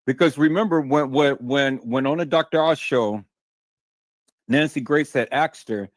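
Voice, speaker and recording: A man's voice: mid-range voice, measured pace, no echo. A man hosting a livestream, talking heatedly with lots of stammered restarts and cursing. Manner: repetitive, stammering restarts, emphatic and profane. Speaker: livestream host.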